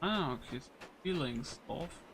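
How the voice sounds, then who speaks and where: A man's voice: a little high, expressive, a little slow, music in the background. A man giving casual, offhand gameplay commentary. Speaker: gamer.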